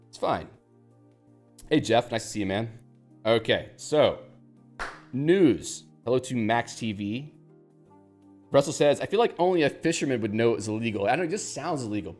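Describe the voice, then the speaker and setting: Joking male live-stream host. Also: medium pitch. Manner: joking, self-deprecating, reads viewer chat aloud. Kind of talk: casual live-stream chat.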